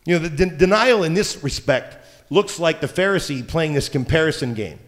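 A man's voice: on the high side, animated, moderate pace. A man preaching a sermon as pastor, talking in a conversational way with joking asides. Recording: long hall reverb.

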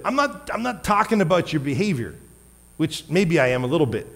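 A man preaching a sermon as a pastor, wearing a microphone, emphatic, with loud stressed words and quiet asides. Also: medium pitch, very animated, a little fast. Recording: long hall reverb.

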